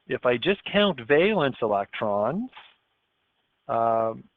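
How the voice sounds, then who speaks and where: A male chemistry teacher giving a recorded lesson, explaining step by step and checking in often with "okay?". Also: medium pitch. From Canada. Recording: dry, tinny phone-like audio.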